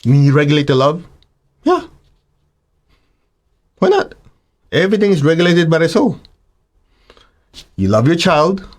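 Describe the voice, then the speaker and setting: A man giving a spiritual talk to his students, animated and acting out the voices of students and of himself. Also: on the high side, fairly quick, long pauses. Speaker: spiritual teacher.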